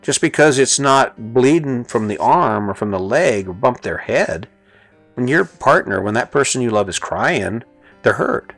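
A man's voice: mid-range voice, expressive, a little slow, vocal fry, a bit bright, no echo, faint music behind. A middle-aged man giving a motivational talk as host, earnest and conversational, repeating phrases for emphasis.

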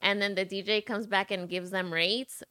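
Woman, podcast host, bright and forceful tone, close dry sound, chatty, laughs easily. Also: mid-range voice, steady tone, moderate pace, no echo. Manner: asks questions with a laugh, chatty. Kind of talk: casual podcast interview.

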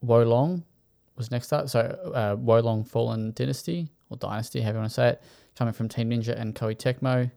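A man's voice: mid-range voice, fairly even intonation, a little fast, creaky, hardly any pauses, mellow, clear, resonant tone. A man hosting a casual chat, running through news items with plenty of filler words. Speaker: podcast host.

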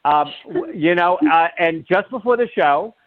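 A man with a fairly high voice hosts a live call-in radio show. He jokes and rambles with plenty of fillers. The sound is dry and thin, like it comes over a phone line. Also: expressive, moderate pace, no echo. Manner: joking, rambling, with many fillers.

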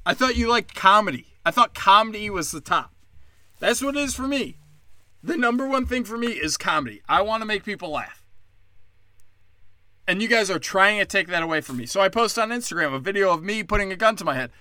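A man's voice: sits high, animated, moderate pace, bright, forceful tone, no echo. A young man ranting in a combative, sarcastic monologue, cursing and mocking his critics. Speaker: comedian.

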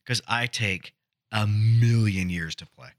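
A man's voice: fairly low pitch, slow pace, no echo, studio quality. A middle-aged man co-hosting a podcast, joking around and telling stories in a casual chat. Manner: joking, storytelling. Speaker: podcast co-host.

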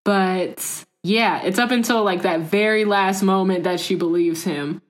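A woman chatting casually as a podcast co-host, animated and quick to laugh. She slips into playful voices when quoting characters, and her voice sits in an ordinary middle range. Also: medium pitch. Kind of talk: casual chat.

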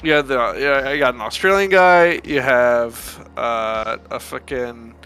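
Bright-voiced man in rambling podcast chat. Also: mid-range voice, clear, resonant tone, faint music behind. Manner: rambling, swearing, drawn-out emphatic asides. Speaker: podcast co-host. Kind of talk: casual movie review chat.

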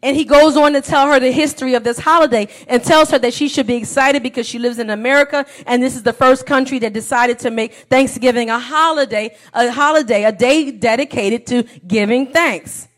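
A woman preacher delivering a sermon, shifting from soft low musings to shouted, repeated calls and rhetorical questions. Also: fairly quick, hardly any pauses.

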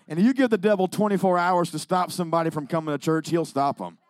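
A male evangelist preaching a sermon, moving from hushed storytelling to shouted exhortation. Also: a little high, fast, no room sound, studio quality.

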